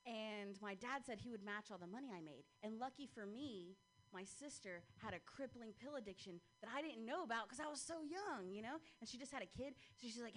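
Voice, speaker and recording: A woman's voice: on the high side, expressive, a little fast, rough recording. Self-mocking woman doing stand-up. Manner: conversational, self-mocking, drops into voices for quoted people. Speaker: stand-up comedian. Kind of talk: stand-up comedy set.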